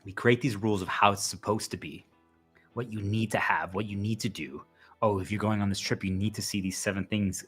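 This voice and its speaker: Rambling, animated man with faint music. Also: lowish voice. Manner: rambling and animated, swings into loud exclamations. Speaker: video host. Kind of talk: casual monologue.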